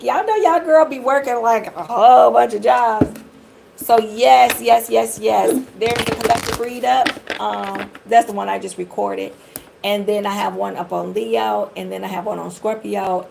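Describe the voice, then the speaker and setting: A woman's voice: on the high side, gravelly, noisy background. A middle-aged woman from the Detroit area giving a live tarot reading, chatting and rambling straight to her viewers. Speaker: tarot reader.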